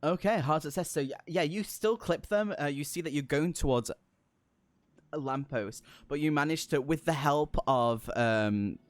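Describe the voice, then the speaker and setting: A man's voice: a little high, moderate pace, no room sound. A man narrating a tabletop game as game master, hesitant with many fillers.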